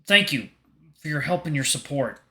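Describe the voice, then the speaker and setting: A man's voice: on the high side, animated, normal speed, pushed and bright, pitched above the performer's own voice. A man voicing a young male fox who sounds anxious and apologetic. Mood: earnest.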